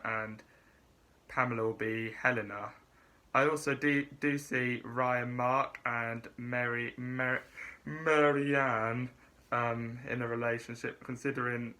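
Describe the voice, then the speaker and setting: A man giving a casual spoken TV review, halting with many fillers and restarts. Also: mid-range voice, pushed and bright. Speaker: reality show reviewer.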